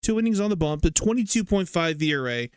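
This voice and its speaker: A young man casually commentating his baseball video game, rambling, swearing and getting excited over plays. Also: sits high, fast talker, smooth, dry recording. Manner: chatty, rambling, profane, excitable. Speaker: gaming YouTuber. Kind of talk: casual let's-play commentary.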